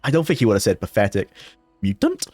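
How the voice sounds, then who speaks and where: A man giving let's play commentary on a mobile game, excitable, with jumpy bursts of panic and frequent laughter. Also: fairly low pitch, fast talker, husky, no room sound, soft background music. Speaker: gaming video creator.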